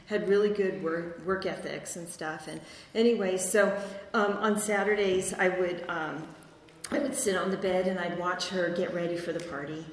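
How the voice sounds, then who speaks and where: A middle-aged woman speaking to a recovery group, halting and rambling with many ums, laughing at herself as she shares her story. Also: lowish voice, a little hiss or hum. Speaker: speaker sharing at a recovery meeting. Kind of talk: personal testimony to a group. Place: meeting hall. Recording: echoey hall, faint room ambience.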